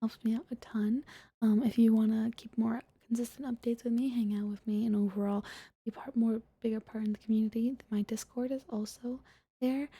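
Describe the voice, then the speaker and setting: A young woman talks in a soft, half-whispered voice, chatty and giggly. Her tone is dark and mellow, a bit breathy, and sits a little high. The recording is close and dry, with no room sound. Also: steady tone, brisk, dry recording. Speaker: VTuber streamer. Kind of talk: soft-spoken ASMR stream chat, often whispered.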